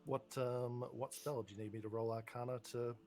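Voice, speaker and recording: A man's voice: mid-range voice, steady tone, brisk, a little mellow. A man playing a tabletop game with friends, chatting in an easygoing way and laughing often. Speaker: player. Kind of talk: casual game chat.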